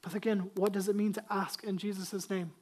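A man's voice: high voice, flat delivery, a little fast, a little mellow, a little hiss or hum. A man delivers a sermon from the pulpit with an emphatic, driving manner. He keeps turning to the congregation with rhetorical questions and repeats his key lines for weight. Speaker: pastor.

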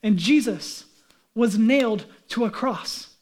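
A man's voice: sits high, slow, darkish tone, slight background noise. A man, a pastor, preaching a sermon in an earnest, emphatic way and asking the congregation rhetorical questions.

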